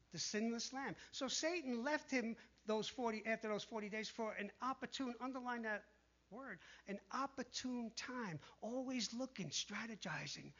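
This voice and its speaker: Man, preacher, sermon, high pitch, muffled lo-fi sound. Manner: animated preaching, voicing quoted tempters in a hushed tone. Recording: dull lo-fi sound.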